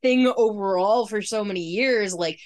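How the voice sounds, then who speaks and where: A woman in her thirties or forties co-hosting a podcast, chatting in a lively, giggly way. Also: mid-range voice, normal speed. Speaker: podcast co-host. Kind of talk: casual chat.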